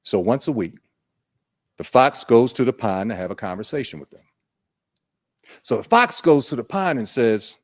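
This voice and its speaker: A man presenting at an online training day, unhurried and conversational, putting questions to his audience. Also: medium pitch, expressive.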